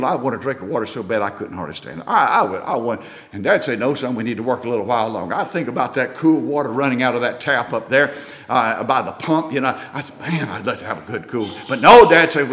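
A man's voice: on the high side, bright, forceful tone. A man preaching a sermon in a folksy, conversational way, asking his listeners rhetorical questions.

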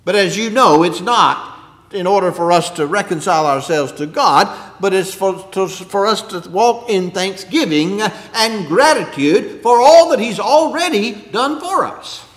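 Man, preacher, sermon, lively swooping delivery, earnest, echoey hall. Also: measured pace. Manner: earnest, rising and falling between loud emphasis and hushed low lines. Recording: echoey hall, long reverb.

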